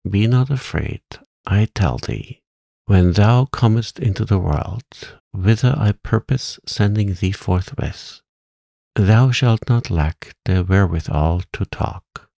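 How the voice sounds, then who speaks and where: A man voicing a stern, grim old witch woman, slow and archaic. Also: on the low side, lively intonation, vocal fry, dark tone, no echo, heavily acted. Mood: mocking.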